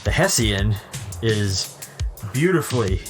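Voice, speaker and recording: A man co-hosting a movie podcast, calmly walking through the plot with small fillers. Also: fairly low pitch, slow pace, over music. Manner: calm, steady plot recapping with small fillers. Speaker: podcast co-host. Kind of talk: casual movie-discussion chat.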